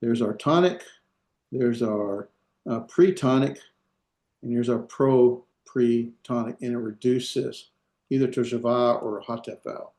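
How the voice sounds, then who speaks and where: In a classroom lecture recorded in an echoey room, a Hebrew instructor explains the language step by step, using lots of fillers and checking that his students are keeping up. His medium-pitched voice is a little slow and a little mellow.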